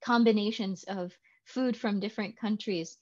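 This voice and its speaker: A woman's voice: medium pitch, steady tone, normal speed, a little mellow. Chatty Californian woman teacher, dull audio. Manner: chatty, explains with examples and jokes. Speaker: English pronunciation teacher. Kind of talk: casual chat.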